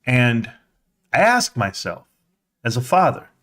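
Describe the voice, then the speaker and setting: Animated storytelling man. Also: takes it slowly. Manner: animated, acts out quotes in a high voice; conversational, with fillers and restarts. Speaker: livestream host. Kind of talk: casual personal storytelling.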